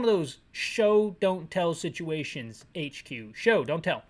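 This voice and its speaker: A woman's voice: low voice, very animated, slow pace, few pauses, a little mellow. A woman narrating a descriptive audio game playthrough with sarcastic, ranting asides. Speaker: game commentator.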